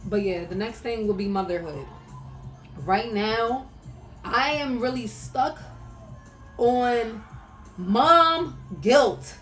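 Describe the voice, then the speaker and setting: Candid young woman, soft music behind. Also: fairly high pitch. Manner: candid and emotional, frequent "like" fillers, swearing. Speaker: podcast host. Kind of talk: casual personal monologue.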